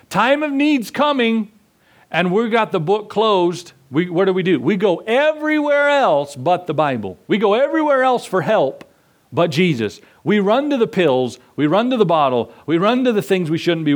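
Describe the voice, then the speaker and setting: A middle-aged male pastor preaching a sermon in a conversational way, acting out voices in his stories. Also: high voice.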